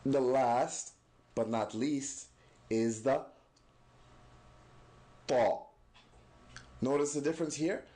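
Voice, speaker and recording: A man teaching recitation in an unhurried, step-by-step way, repeating each sound slowly and clearly. His voice is dark and mellow, and he warmly praises each attempt by the learner. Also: mid-range voice. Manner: patient, demonstrates sounds slowly and repeats them. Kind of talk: step-by-step pronunciation lesson.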